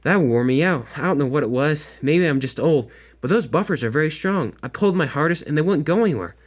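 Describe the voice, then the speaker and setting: A man's voice: on the high side, lively intonation, fast, husky, voice pushed up. A man doing a tired old crane engine. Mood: weary. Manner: hesitant, pleading.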